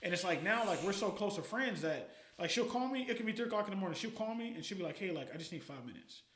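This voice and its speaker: A man talks fast and animatedly, his voice high-pitched and bright. He tells stories in casual, slangy, profane chat as a podcast guest and laughs often. The room around him is echoey. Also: animated, a little hiss or hum.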